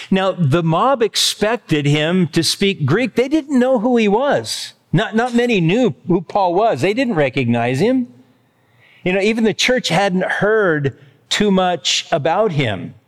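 A man's voice: on the high side, big-room sound. A male pastor giving a conversational, emphatic sermon to his congregation. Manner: conversational, emphatic preaching with chuckles.

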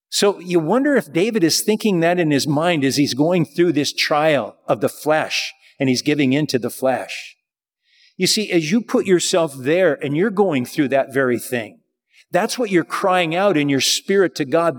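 A man preaching a sermon in a conversational way, slowing down to read scripture aloud. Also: high voice, lively intonation. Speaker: pastor.

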